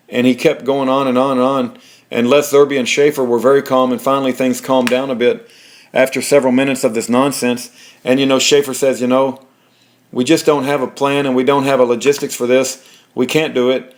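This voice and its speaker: A man's voice: mid-range voice, level tone, a little fast. A man reading legal documents aloud in a plain way, with fillers and restarts. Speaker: reader of court documents.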